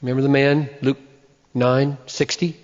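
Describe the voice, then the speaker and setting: A man preaching a sermon, emphatic and deliberate, with slow dramatic pauses that build to a point. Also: medium pitch, flat delivery. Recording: muffled, long hall reverb.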